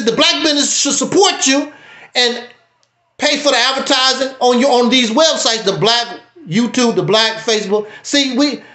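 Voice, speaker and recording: Guy ranting on his stream, real high bright voice, echoey room. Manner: preachy, emphatic, wide swings in pitch. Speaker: livestream host. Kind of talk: casual commentary.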